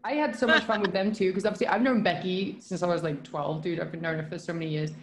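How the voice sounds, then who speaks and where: A woman's voice: lowish voice, steady tone, quick pace, echoey room, crowd noise. A woman guest telling stories in casual chat, laughing often and saying "dude" and "like". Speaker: guest wrestler.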